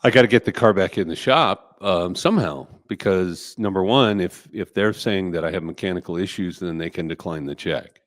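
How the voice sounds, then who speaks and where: Male co-host, very low voice, thoughtful coaching tone, dry close mic. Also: normal speed, hardly any pauses, no echo. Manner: reflective, many fillers and restarts. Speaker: podcast co-host and business coach. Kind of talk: casual advice chat.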